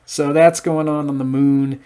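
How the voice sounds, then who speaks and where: A man in his late thirties giving a casual solo episode review, chatting through the plot with frequent pauses and restarts. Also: on the high side, flat delivery, mellow, smooth.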